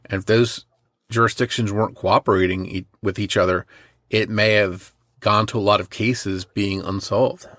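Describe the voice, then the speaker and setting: A man's voice: on the low side, fairly even intonation, normal speed, a bit bright, dry recording, clean studio sound. A man from New Jersey co-hosting a true crime podcast, talking in a casual, conversational way with hedging asides. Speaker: podcast co-host.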